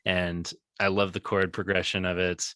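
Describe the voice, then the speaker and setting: A podcast co-host talks earnestly and reflectively about a song that moves him, emotionally affected during a casual music discussion. His voice is low and sharp-toned with flat delivery at normal speed, and there's no echo.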